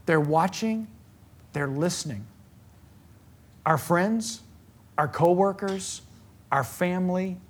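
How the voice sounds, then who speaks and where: A man's voice: a little high, a little mellow. A man giving a sermon in an earnest style, building his points with repeated phrases. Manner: earnest, gets emotional about faith. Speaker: speaker giving a faith talk.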